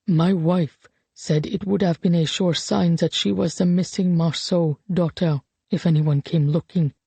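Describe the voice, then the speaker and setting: A narrator voicing a guilt-ridden elderly man who pleads in a shaky, rasping, halting voice. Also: mid-range voice, warm tone, no room sound, heavily acted.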